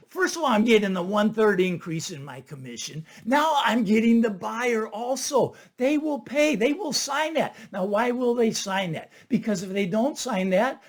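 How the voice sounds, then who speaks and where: An older man talks casually to his viewers, his pitch swinging up and down with lively emphasis. He repeats key lines to drive them home and lets out a chuckle here and there. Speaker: real estate listing agent. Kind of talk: casual monologue to camera.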